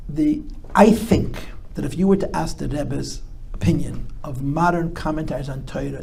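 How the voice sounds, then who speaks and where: A man's voice: a little high, moderate pace, vocal fry, darkish tone, a little hiss or hum. A man, a rabbi, speaking to a live audience and answering their questions, reflective, with emphatic bursts. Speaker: rabbi giving a talk. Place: talk before a live audience.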